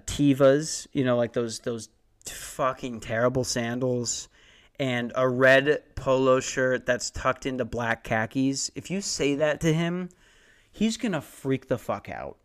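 A young man in his twenties spins a long, rambling comic story on his podcast, swearing freely and mocking himself. His voice is smooth and resonant, pitched in a middle range for a man. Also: slow pace. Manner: rambling, profane, self-mocking. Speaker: podcast host.

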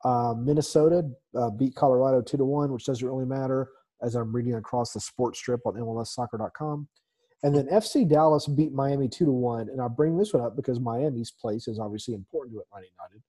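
A man hosts a casual soccer talk show, working through the evening's scores in a mellow, relaxed voice. He fills the gaps with ums and uhs and slips in a dry, sarcastic aside now and then. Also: medium pitch, husky. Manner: reads scores with many fillers, dry sarcasm. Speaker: soccer podcast host.

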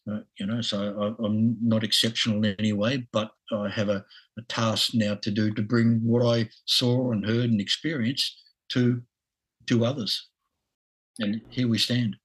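A man in his sixties with an Australian accent, a podcast guest talking haltingly with lots of restarts and chuckles. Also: fairly low pitch, little pitch movement, slightly rough, rough recording. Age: 60s. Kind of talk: casual interview.

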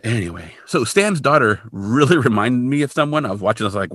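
A man co-hosting a podcast, recapping an episode in casual, animated storytelling full of "like". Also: mid-range voice, fast, no room sound, studio quality. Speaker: podcast co-host.

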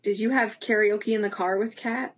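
A woman's voice: medium pitch, steady tone, normal speed. A woman hosting a casual interview, gushing and enthusiastic as she asks questions. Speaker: host.

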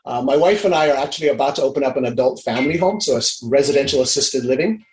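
A man from Hawaii, a lively interview guest at an everyday mid pitch. He acts out the dialogue he quotes as he talks. His voice rings with a roomy echo. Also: quick pace, a little hiss or hum. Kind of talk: casual interview chat.

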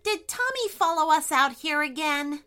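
A curious young girl from a children's storybook, as a woman voices her, pitched up high and lively. She sounds eager, with a shaky edge when frightened. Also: moderate pace, faint music behind.

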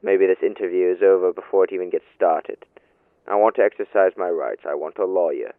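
A man's voice: sits low, a little fast, no room sound, phone-quality sound. An actor playing a defensive landlord under interrogation, who blusters and stammers his denials. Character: defensive middle-aged male landlord suspect.

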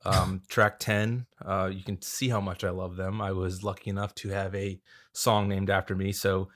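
Laid-back low-voiced male guest. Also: little pitch movement, normal speed, a bit bright. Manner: laughs often, self-deprecating. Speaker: guest musician. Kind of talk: casual podcast chat.

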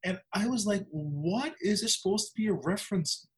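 Guy on a podcast getting all worked up, voice jumping all over the place, kinda high. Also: moderate pace. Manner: animated, exasperated ranting with laughs. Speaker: podcast co-host. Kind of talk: casual movie discussion.

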